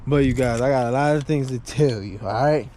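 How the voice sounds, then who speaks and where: A man's voice: medium pitch, fairly quick, dark tone. A man chatting casually to his viewers, laid-back and slangy, rambling with fillers, recorded outdoors by his car and then inside it. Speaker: car vlogger. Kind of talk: casual vlog chat. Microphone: handheld camera. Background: car engine and street noise.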